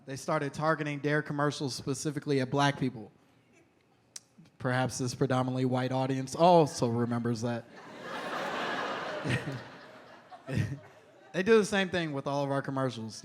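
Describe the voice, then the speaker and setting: A man's voice: mid-range voice, steady tone, moderate pace. A young man doing stand-up comedy in a wry, chatty way, chuckling at his own lines on a stage mic. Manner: wry, conversational, laughs at his own jokes. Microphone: handheld stage mic.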